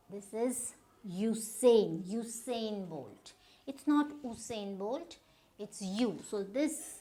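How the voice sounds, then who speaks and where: A woman with an Indian English accent giving an informal pronunciation lesson, pausing often and checking in with her listeners. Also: fairly high pitch. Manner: unhurried, stops often to check understanding with "right?". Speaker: pronunciation teacher.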